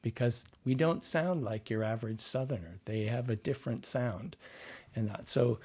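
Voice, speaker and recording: A dialect coach telling anecdotes in a relaxed, rambling way, full of fillers and restarts. His voice is mellow and a little husky. He sounds like a man chatting casually in an interview. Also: mid-range voice, normal speed.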